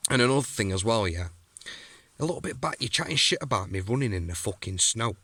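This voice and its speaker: A man's voice: on the low side, animated, quick pace, sharp tone, husky, dry recording. A young man ranting angrily to camera at a rival, aggressive and sweary. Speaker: amateur fighter calling out a rival. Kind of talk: angry rant to camera.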